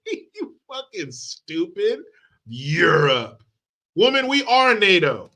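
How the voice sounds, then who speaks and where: A man's voice: sits high, huge pitch swings, takes it slowly, pushed and bright. A man hosting a commentary channel, delivering a profane political rant full of crude mockery and sarcasm.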